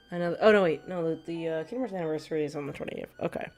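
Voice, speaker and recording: A woman streamer with a low, deep-set voice chats loosely with her viewers, laughing often as she rambles. She sounds slightly stuffy from allergies. Faint background music sits under her voice. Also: a little mellow. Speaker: gaming streamer. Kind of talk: casual chat with stream chat.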